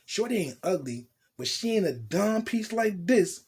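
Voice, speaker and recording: A young man from New Jersey casually telling a profane, animated storytime tale in street slang, acting out what people said. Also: high voice, unhurried, breathy edge.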